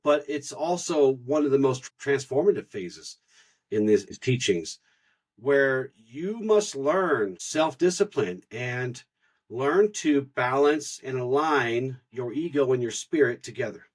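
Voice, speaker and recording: A man's voice: mid-range voice, lively intonation, slow. A man co-hosting a spiritual podcast, explaining stages of inner growth in an earnest teaching manner and sometimes repeating words as he thinks. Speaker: podcast co-host.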